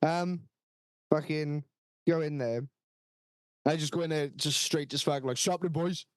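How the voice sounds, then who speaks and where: A man's voice: on the high side, fairly even intonation, unhurried, smooth, no room sound, studio quality. A man on a podcast, telling stories animatedly, laughing and swearing often. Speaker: podcast co-host. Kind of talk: casual storytelling chat.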